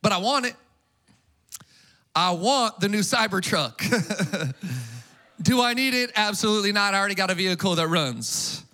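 A man preaching an Easter sermon to a congregation, energetic and casual, with call-and-response. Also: sits high, normal speed, pauses often. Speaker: pastor.

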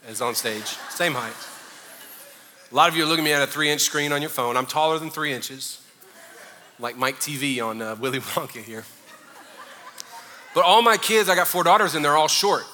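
A man's voice: medium pitch, bright, forceful tone, big-room sound. A man preaching a sermon as a pastor, joking and conversational with the congregation.

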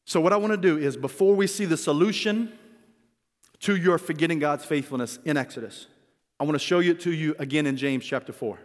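A man's voice: fairly high pitch, fairly quick, big-room sound. A man preaching a sermon as pastor, earnest and often chuckling as he teaches.

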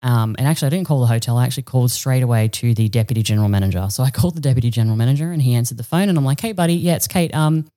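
A woman's voice: rumbling low, racing, few pauses. A woman guest on a casual podcast, telling a funny story and acting out what other people said. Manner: animated, acts out other people's lines. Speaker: podcast guest, event organiser.

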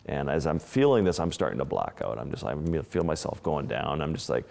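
Male underwater photographer, deep voice, casual storyteller, lingering reverb on the track. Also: sing-song, fairly quick, vocal fry, a little mellow. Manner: casual, restarts phrases, vivid retelling. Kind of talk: interview storytelling.

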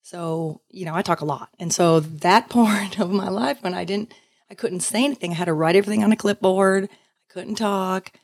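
A woman guest in a casual interview, telling her story in a lively way, acting out other voices and laughing often. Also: medium pitch, moderate pace, dry recording, studio quality.

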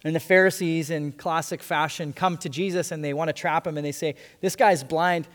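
A man preaching a sermon as pastor, earnest, repeating key phrases and slowing down to stress them. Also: on the high side, fairly even intonation, fairly bright tone. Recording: long hall reverb.

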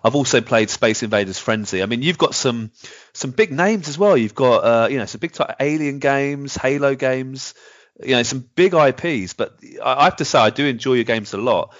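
A man's voice: medium pitch, expressive, normal speed, lo-fi sound. A man, hosting an interview and asking questions with enthusiasm. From England. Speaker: interview host. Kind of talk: casual interview chat.

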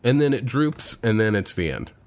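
A man with a very low voice co-hosts a casual podcast. He talks in a laid-back way, filling gaps with ums and the occasional swear word. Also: big pitch swings, normal speed. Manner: laid-back, with many fillers and some swearing. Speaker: podcast co-host. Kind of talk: casual chat, retelling a movie plot.

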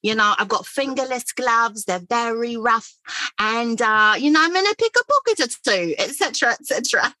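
A woman's voice: fairly high pitch, expressive, moderate pace, sharp tone, no room sound. A woman putting on a Cockney accent to voice a cocky young pickpocket, talking in breezy, offhand patter. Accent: Cockney (put on).

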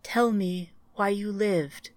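A woman voicing an ancient, sorrowful female entity made of countless tiny machines, speaking in a calm, measured, solemn way in an audiobook. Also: medium pitch, no room sound, natural voice.

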